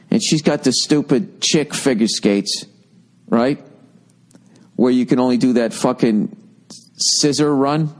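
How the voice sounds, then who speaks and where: A man's voice: medium pitch, a little mellow. A man hosting a comedy podcast, ranting casually and profanely while reading listener letters. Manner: profane, rambling, sarcastic. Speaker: podcast host.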